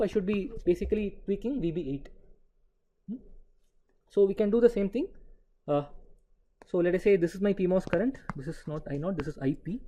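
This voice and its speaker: A man giving an engineering lecture, often pausing to quiz the class with short prompting checks. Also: high voice, warm tone, highs cut off. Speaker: university lecturer.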